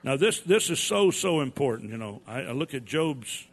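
A pastor preaching a sermon, his voice swinging between loud rises and quiet drops. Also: medium pitch, very animated, moderate pace, gravelly. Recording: long hall reverb with mains hum.

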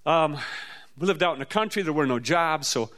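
A man from the Midwestern US, preaching a storytelling sermon in a folksy, animated way with sudden jumps up in pitch. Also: a little fast. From Midwestern US, near the Mississippi River.

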